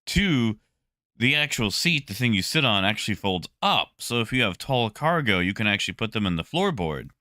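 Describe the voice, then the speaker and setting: A young man casually chatting with his stream viewers, relaxed and talkative, greeting people by name. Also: on the low side, normal speed, no room sound, studio quality. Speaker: livestreamer.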